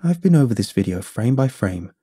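Male horror narrator, husky low voice, very expressive melody, measured delivery. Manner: measured, deliberate storytelling. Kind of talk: scripted horror story narration. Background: faint music.

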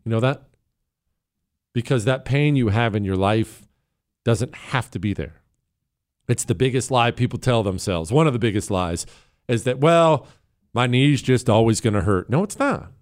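A man's voice: mid-range voice, lively intonation, normal speed, long pauses. A man hosting a talk show, delivering an opinionated, emphatic monologue that rambles with plenty of fillers.

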